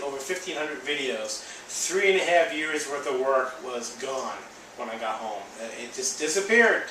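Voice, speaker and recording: A man's voice: medium pitch, a bit bright, slight background noise. A man, candid and emotional in a rambling personal video diary. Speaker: vlogger. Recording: echoey room, voice from a distance.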